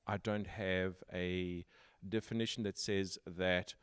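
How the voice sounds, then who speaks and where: A man's voice: deep voice, steady tone, takes it slowly, clear, resonant tone, no echo, studio quality. A man hosting a casual tech interview podcast, explaining his points step by step. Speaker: podcast host.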